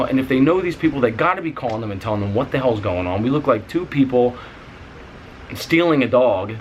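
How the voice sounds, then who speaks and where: A young man casually telling a story on his vlog, animated, swearing freely and going higher when he gets excited. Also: slight background noise, poor audio. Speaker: vlogger.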